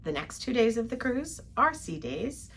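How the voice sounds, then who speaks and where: A woman's voice: on the high side, sing-song, normal speed, gravelly, fairly bright tone, a little hiss or hum. An older woman co-hosting a travel vlog, chatting in detail about her day from a ship cabin. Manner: chatty, detailed storytelling with frequent laughs. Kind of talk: casual recap chat.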